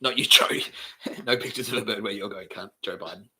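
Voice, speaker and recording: A man's voice: fairly low pitch, a little fast, pushed and bright, breathy edge, poor audio. A man hosting a comedy podcast, rambling through a profane monologue and laughing often. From Australia. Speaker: podcast host.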